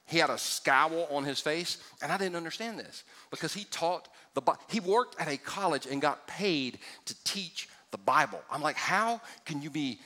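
Lively joking pastor, bright voice in a reverberant church hall. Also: male voice, on the high side, moderate pace, few pauses. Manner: animated and joking with the congregation, swinging from loud to hushed. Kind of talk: sermon. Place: church sanctuary before a congregation.

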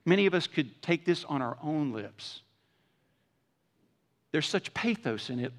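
Dramatic preacher in an echoing hall. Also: male voice, lively intonation, a little slow, long pauses. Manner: dramatic swings from loud emphasis to hushed lows; conversational, acts out quoted speech. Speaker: pastor. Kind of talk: sermon.

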